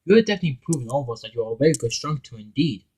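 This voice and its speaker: James, a stern, lecturing steam engine from a homemade storybook fan tale, as a man reads him, with a husky, breathy edge to his middle-pitched voice. He scolds and repeats himself as he trips over words. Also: expressive, racing, darkish tone, low-quality recording. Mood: scolding.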